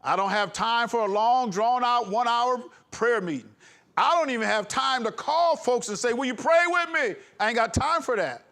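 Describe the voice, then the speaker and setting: High-voiced impassioned man preaching. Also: lively intonation, moderate pace, fairly bright tone. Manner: impassioned, emphatic, with laughs. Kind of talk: sermon. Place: congregation hall.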